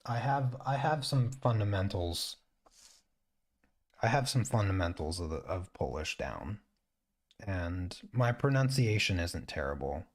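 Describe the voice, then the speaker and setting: A man with a low, deep voice chats easygoing and unhurried while he paints, thinking aloud and restarting his sentences as he goes. It sounds like a relaxed art stream host talking to his viewers. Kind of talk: casual chat while painting.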